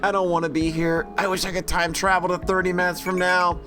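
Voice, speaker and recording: A man's voice: sits high, level tone, fairly quick, music in the background, lightly acted. A man voicing a shy, anxious teenage girl in a visual novel, in a nervous, muttering way. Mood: miserable.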